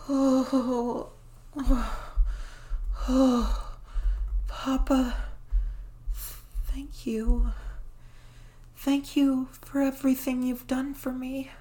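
A young woman voicing a devoted, eager dog-girl pet in a whispered role-play, breathy and pleading. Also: high-pitched. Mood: breathless, adoring. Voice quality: breathy, soft and hushed. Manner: pleading, affectionate and clingy. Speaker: voice actor.

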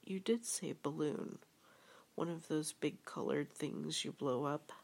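A woman voicing a gloomy, mournful old male donkey in a storybook reading, talking slowly in a half whisper. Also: low-pitched, gravelly, darkish tone, exaggerated voice.

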